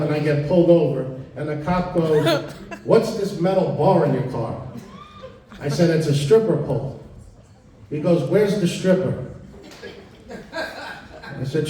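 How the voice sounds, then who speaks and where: Deadpan stand-up comedian, echoey room. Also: male voice, on the high side. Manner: deadpan storytelling, acting out quoted dialogue. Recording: echoey room, mic at a distance. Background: audience laughter.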